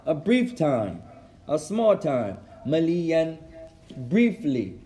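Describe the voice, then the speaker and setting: A man's voice: a little high, wildly swooping pitch, takes it slowly, mellow, soft background music. A male teacher giving a classroom lesson, switching between Arabic and English and repeating words for the class. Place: classroom with students.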